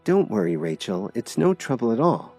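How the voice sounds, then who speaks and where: A man's voice: medium pitch, sing-song, moderate pace, darkish tone, slightly rough, soft background music, voice pushed up. A man narrating an audiobook and voicing a blunt young woman. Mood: reassuring.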